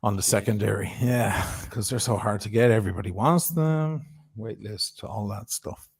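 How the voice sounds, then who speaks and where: A man's voice: lowish voice, normal speed, gravelly, slightly rough, no room sound, clean studio sound. Laid-back, mumbling man, tipsy. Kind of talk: casual livestream chat.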